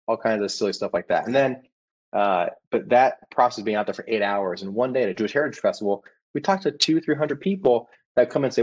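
A startup founder in his thirties speaks quickly in a lowish voice during a casual interview, and the audio quality is poor. He's animated, acting out the customers he quotes and restarting as he goes.

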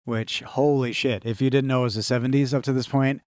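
A man's voice: medium pitch, fairly even intonation, brisk, darkish tone, no room sound, clean studio sound. A man co-hosting a movie podcast in casual chat, loose and profane, rambling with enthusiasm. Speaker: podcast co-host.

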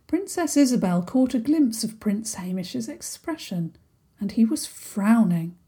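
A woman reads a children's story aloud in a gentle, unhurried way. Her voice is husky and mellow, and she speaks at a slow pace. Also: a little high, very animated. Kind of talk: scripted children's story narration.

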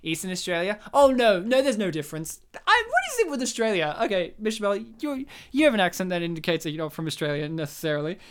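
A woman co-hosting a casual chat podcast. She rambles from one point to the next and laughs often mid-sentence, at a middling pitch. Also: big pitch swings, quick pace, few pauses. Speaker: podcast co-host.

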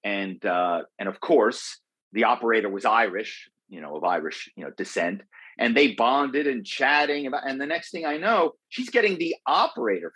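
A middle-aged man recounts old stories as an interview guest, his voice low and husky. He rambles along, doubling back with fillers and restarts. The sound is dry and close, with no room around it. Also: a bit bright, no echo, rough recording. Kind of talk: conversational storytelling.

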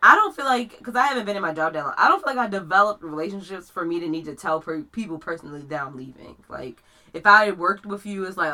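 Bright-toned young woman chatting casually. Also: fairly low pitch, fast, few pauses. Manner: chatty, laughs often, relaxed slang. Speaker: podcast co-host. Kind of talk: casual chat.

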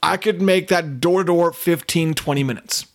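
High-voiced man hosting a podcast. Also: normal speed. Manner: blunt, profane complaining. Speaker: podcast host. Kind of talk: casual podcast chat.

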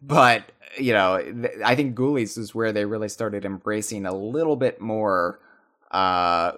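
A podcast co-host with a lowish, slightly bright voice speaks a little slowly in a casual chat. He rambles enthusiastically, often restarting as he works through his thoughts.

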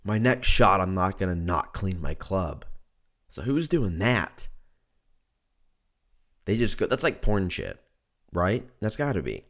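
Hoarse low-voiced dude rambling on his podcast, swears a lot, laughs at his own jokes. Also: big pitch swings, slow pace, long pauses, fairly bright tone. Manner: profane, joking, riffs with laughter. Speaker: podcast host. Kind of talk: casual podcast rant.

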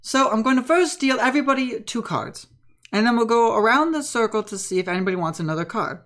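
A woman's voice: fairly high pitch, expressive, quick pace, a bit bright, pitched above the performer's own voice. A woman voicing a little English boy who deals cards and explains the rules step by step, in an English accent. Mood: upbeat.

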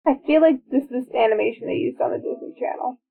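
Talking fast with vocal fry in a fairly high voice, a woman podcast co-host chats about a movie as she watches it, enthusiastically dropping trivia. The recording has a narrow, phone-like quality.

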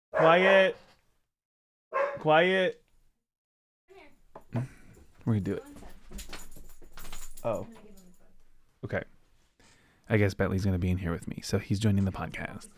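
A man's voice: low-pitched, normal speed, pauses often, slight background noise. A man hosting a podcast from home, casually recapping a book in a rambling way, often slipping into loose quoted asides. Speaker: podcast host. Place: at home with his dog.

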